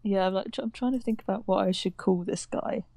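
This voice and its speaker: A woman's voice: mid-range voice, a little fast, vocal fry, warm tone. A woman chatting casually as a guest artist while drawing, giggly and playful.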